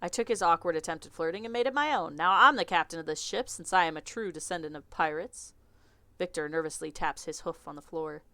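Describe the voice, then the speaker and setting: A woman streamer reading a visual novel aloud in an animated, chatty way, often laughing. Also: lowish voice, fairly quick, no room sound.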